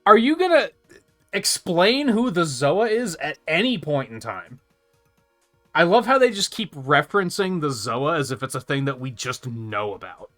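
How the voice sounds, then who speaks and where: A man's voice: fairly high pitch, sing-song, moderate pace, a bit bright, faint music behind. A male streamer commenting sarcastically on a game as he plays, laughing and swearing casually.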